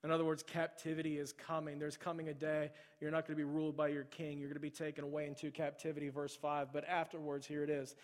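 A pastor preaching a sermon, swinging from loud, urgent delivery to hushed near-whispers. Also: male voice, on the high side, monotone, fast, few pauses. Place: church sanctuary. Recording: long hall reverb.

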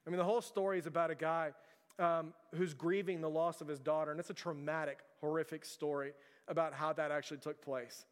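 A man's voice: a little high, flat delivery, fairly quick. A young adult male pastor giving a conversational sermon in a church, asking the congregation questions. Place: church sanctuary. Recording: long hall reverb.

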